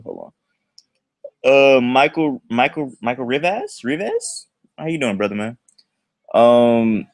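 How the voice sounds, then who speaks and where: A young man chatting on a livestream, rambling through a slangy high school story. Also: no echo, clean studio sound. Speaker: livestream host.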